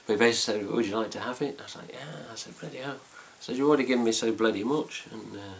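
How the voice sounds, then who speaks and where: Speaking quickly at a medium pitch, an English fan site vlogger talks casually to camera about a trip. He meanders, using fillers and the odd mild swear word.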